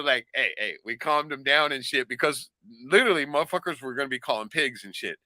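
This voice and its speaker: A man's voice: on the high side, animated, fast talker, few pauses, bright, forceful tone, no room sound. A man on a casual podcast, rambling and swearing a lot, often tagging lines with "right?". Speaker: podcast co-host. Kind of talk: casual profane chat.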